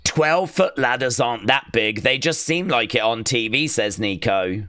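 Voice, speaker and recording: A young man hosting a wrestling watch-along live stream, reading chat aloud and cheering loudly. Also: medium pitch, expressive, normal speed.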